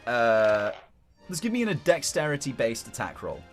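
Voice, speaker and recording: Lively, rambling male game master. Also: mid-range voice, moderate pace, soft background music. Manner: loose, chatty narration with fillers and laughs. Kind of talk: narrating a tabletop game.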